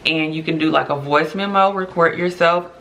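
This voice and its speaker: Speaking at a moderate pace in a low, slightly bright voice, a young podcast host addresses her listeners directly. Her monologue is casual, earnest, and heartfelt, and she laughs her way through the emotional parts.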